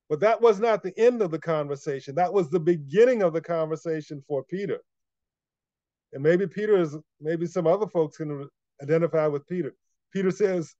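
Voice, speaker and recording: A man preaching in a sermon, emphatic and driving home points by repetition. His voice sits a little high for a man. The recording is dry and slightly dull. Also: measured pace, a little mellow, dry recording. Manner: emphatic, repeats key phrases.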